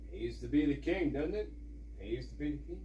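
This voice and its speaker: A man's voice: a little high, sing-song, quick pace, dark tone, dull audio, slight background noise. A man chatting casually on a livestream, rambling and musing with some profanity. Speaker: streamer.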